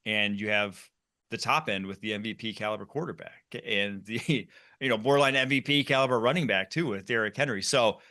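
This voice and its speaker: A man hosting a football talk show, animated and quick as he runs the segments. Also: fairly low pitch. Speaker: podcast host.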